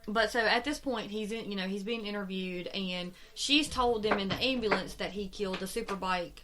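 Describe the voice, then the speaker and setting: Woman, true-crime podcast co-host, animated and profane, casual storytelling. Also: medium pitch, noisy background. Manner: animated, swears freely, quick rambling retelling.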